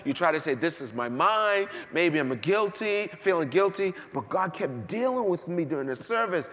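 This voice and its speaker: A man preaching a sermon, swinging between hushed asides and shouted peaks in a church sanctuary. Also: a little high. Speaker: pastor. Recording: long hall reverb.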